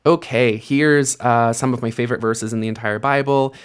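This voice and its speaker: A young man teaching Biblical Hebrew, explaining letters patiently step by step and slowing down to read verses aloud. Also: mid-range voice, fairly even intonation, smooth. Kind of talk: instructional lesson with slow read-aloud.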